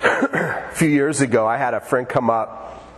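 A man's voice: mid-range voice, a little slow, long reverb tail. An older man preaching a sermon in a church, conversational and storytelling, joking with the congregation. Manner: conversational, storytelling, jokes with the audience. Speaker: pastor. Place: church in Oregon.

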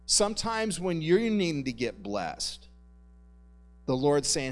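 A pastor giving a relaxed, conversational sermon, joking and calling his listeners "guys.". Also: medium pitch, moderate pace, faint music behind. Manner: conversational, jokey, addresses the congregation as "guys". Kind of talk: casual sermon.

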